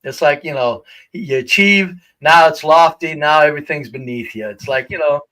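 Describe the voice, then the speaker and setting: This man's voice is fairly high with a sharp tone at normal speed, captured in low quality. As a regular livestream guest, he rambles through casual chat full of restarts and plenty of profanity.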